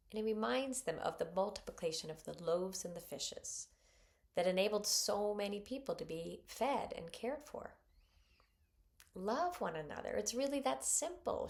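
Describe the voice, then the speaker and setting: A middle-aged woman reflecting on scripture in an earnest, expressive way. Her voice sits in a middle register with a gravelly fry at the ends of phrases. She leans into quoted voices with sudden lifts. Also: mid-range voice. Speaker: parishioner giving a reflection.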